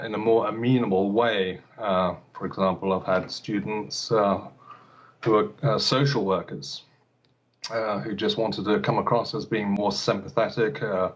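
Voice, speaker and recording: A man's voice: lowish voice, muffled recording. A man, an elocution teacher, answering interview questions hesitantly, with many fillers and repeated words.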